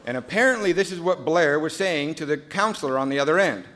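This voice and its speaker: A man sharing his recovery story at a meeting, a lively storyteller who acts out the other people's voices and goes quiet and earnest when he reflects. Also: on the high side, fast.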